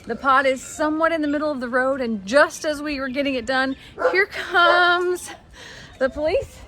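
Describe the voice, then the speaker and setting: A woman's voice: sits high, normal speed, background noise. A woman chatting casually in a vlog as she runs errands, heartfelt and talkative, filmed on a handheld phone. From Texas. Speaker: vlogger. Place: in a vehicle and on errands.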